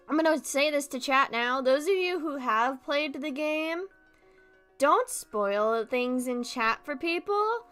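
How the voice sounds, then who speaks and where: A young woman in her twenties streaming a game live, gushing excitably and swearing casually as she chats to viewers. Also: on the high side.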